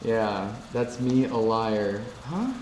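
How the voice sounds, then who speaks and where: A man with a fairly low, slightly mellow voice talks slowly but animatedly on his live stream, joking with viewers and reading chat aloud in a casual way. Faint ambient noise fills the echoey room.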